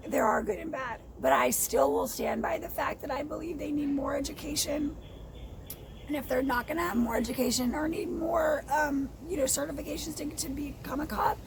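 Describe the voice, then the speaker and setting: A woman vlogger in an angry personal rant, her voice hoarse and froggy and out of breath, blunt and swearing, dropping to whispers and rising to shouts. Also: high-pitched, brisk, a crowd in the background, poor audio. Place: outdoors in sunlight.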